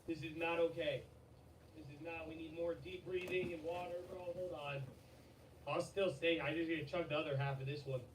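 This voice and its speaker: A man hosting a livestream, excitable and swearing, with a strained, fading voice and sudden shouts and laughter. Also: fairly high pitch, a little fast, recorded from a distance. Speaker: livestream host. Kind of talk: hyped livestream chat. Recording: echoey, off-mic, with loud background noise.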